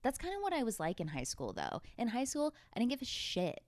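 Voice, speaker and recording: A woman's voice: fairly high pitch, huge pitch swings, brisk, dry recording, studio quality. A young adult woman hosting her podcast from a beanbag at home, casual, playful and self-mocking, swearing freely. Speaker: podcast host. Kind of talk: casual chat.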